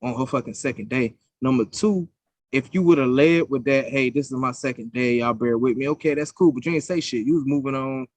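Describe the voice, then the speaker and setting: A man's voice: medium pitch, fairly quick, darkish tone, no echo. A young man co-hosting a podcast, telling stories in a casual, profane, heated way. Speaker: podcast co-host. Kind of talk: casual chat.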